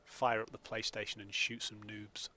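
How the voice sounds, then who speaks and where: A man's voice: lowish voice, flat delivery, normal speed, pushed and bright, a little hiss or hum. A man, chatting casually with viewers during a live gameplay stream from home. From England. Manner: chatty, greets viewers by name.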